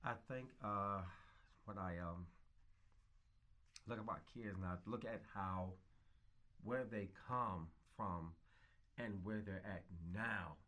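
A man's voice: lowish voice, slow, long pauses, pushed and bright. A man in his fifties, a foster parent interviewed about his life, speaking in an earnest, reflective way and repeating phrases for emphasis. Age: 50s. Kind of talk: casual interview talk.

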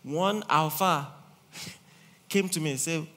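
A man preaching a sermon as a pastor, animated and teasing, swinging between loud and soft. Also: on the high side, slow.

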